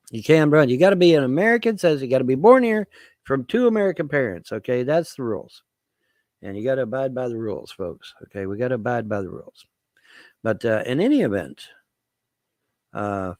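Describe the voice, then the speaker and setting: Swearing man with a lively, swinging voice. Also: medium pitch, creaky, no room sound. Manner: swearing, repetitive, rhetorical questions. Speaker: vlogger. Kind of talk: rambling political rant to camera.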